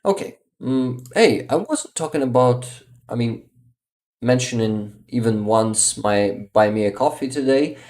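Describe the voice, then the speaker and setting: A man from Ukraine, hosting a casual livestream, reading viewer comments aloud in an unhurried way, searching for words and laughing often. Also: mid-range voice, lively intonation, darkish tone. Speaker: livestream host.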